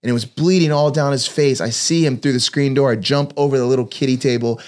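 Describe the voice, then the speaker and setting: A man's voice: medium pitch, fairly even intonation, fast talker. Earnest man telling a devotional story. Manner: earnest storytelling, acts out quoted voices. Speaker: father giving a devotional talk. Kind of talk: personal devotional teaching.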